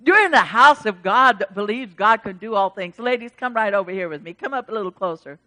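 A woman pastor preaching with fervor, swinging from loud exclamations to soft pleading during an altar call. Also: mid-range voice, animated, a little fast.

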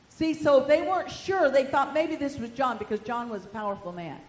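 Older woman preacher, animated storyteller, pitch a bit high, voice ringing in a church hall. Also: a little fast, hardly any pauses. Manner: animated, storytelling, swinging loud and soft. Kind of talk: sermon.

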